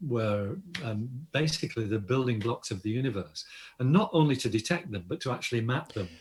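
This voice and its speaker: A man's voice: mid-range voice, expressive, fairly quick, husky. An older Australian man, an astronomer guest, explaining science enthusiastically in an interview with frequent restarts. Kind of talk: interview conversation.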